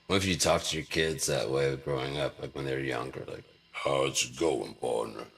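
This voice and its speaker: Gravelly deep-voiced man rambling. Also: steady tone, a little fast, a bit bright, a little hiss or hum. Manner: rambling, profane, joking. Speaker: vlogger. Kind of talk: rambling casual monologue.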